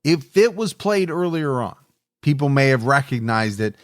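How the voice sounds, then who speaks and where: A man co-hosting a true crime podcast, narrating the case in a measured, reflective way. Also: medium pitch, lively intonation, dry recording, clean studio sound. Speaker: podcast co-host.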